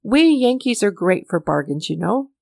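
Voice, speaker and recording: A kindly old poet, chatty and eager to please his young guest, as a woman narrator puts him on. His lines run a little higher and livelier than the surrounding narration, heard in a dry, close storybook recording. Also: very animated, normal speed, gravelly, a little mellow, no echo. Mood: genial. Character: genial elderly male poet, warm host.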